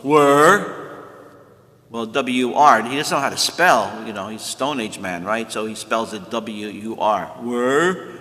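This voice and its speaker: Male priest, catechism teacher, folksy and explanatory, bright tone, long church reverb. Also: mid-range voice. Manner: folksy, explanatory, self-made memory tricks. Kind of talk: teaching talk to confirmation students.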